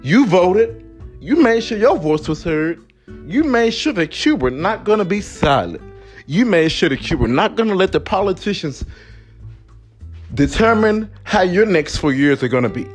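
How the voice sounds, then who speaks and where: An American man hosts a motivational podcast monologue, emphatic and repetitive, with faint music in the background. His voice sits high and has a sing-song quality, moving at a normal speed.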